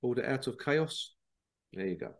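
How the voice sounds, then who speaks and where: A man's voice: medium pitch, lively intonation, moderate pace, creaky. Rambling man hosting a podcast. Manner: rambling, repeats words, asks rhetorical questions. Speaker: podcast host. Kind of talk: casual solo podcast monologue.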